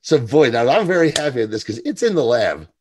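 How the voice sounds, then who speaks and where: This co-host speaks at medium pitch and fairly quickly, with slight background noise behind him. In a casual podcast chat recapping a TV episode, he animatedly acts out lines, doing put-on character voices and often laughing.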